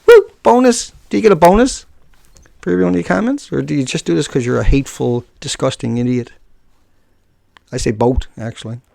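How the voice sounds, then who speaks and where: A man's voice: medium pitch, fast, gravelly, pauses often, a little mellow, no echo, clean studio sound. A man video-blogging live, combative and scornful toward a commenter, breaking off into joking asides with viewers. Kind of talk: live-streamed rant to viewers.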